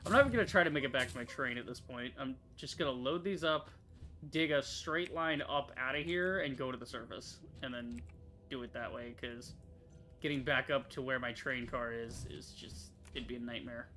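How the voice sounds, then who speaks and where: A man's voice: medium pitch, pushed and bright, a little hiss or hum. A young man, a gaming streamer, giving casual let's-play commentary, muttering to himself and cursing when the game annoys him. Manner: profane, quick to frustration, muttering to himself.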